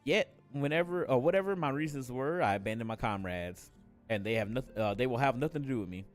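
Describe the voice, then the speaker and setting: A man's voice: mid-range voice, animated, brisk, faint music behind, close to an everyday voice. A man reading as an earnest ex-resistance fighter. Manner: formal, slightly stumbling reading aloud.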